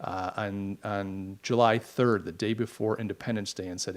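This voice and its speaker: Animated rambling male podcast host. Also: lowish voice, moderate pace, few pauses. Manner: rambling, animated, mocking asides. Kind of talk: casual opinion monologue.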